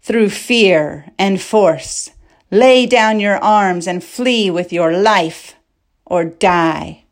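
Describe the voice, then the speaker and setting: A woman's voice: medium pitch, very slow. A woman voicing a defiant male knight in an audiobook, delivering a solemn, menacing ultimatum.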